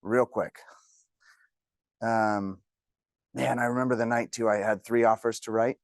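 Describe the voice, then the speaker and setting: A man's voice: mid-range voice, steady tone, a little slow, dry recording, clean studio sound. A man teaching a real estate class, telling joking stories to the room. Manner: jokey, storytelling. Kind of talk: classroom talk.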